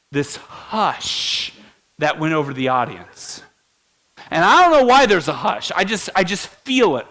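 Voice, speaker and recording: A man's voice: on the high side, a bit bright. A young man preaching, telling a funny personal story and laughing at himself. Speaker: pastor.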